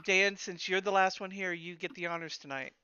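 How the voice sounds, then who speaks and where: A man running a tabletop game as game master over online voice chat, teasing his players in a dry, unhurried way. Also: high voice, fairly even intonation, pushed and bright, clear, resonant tone, no room sound, dull audio.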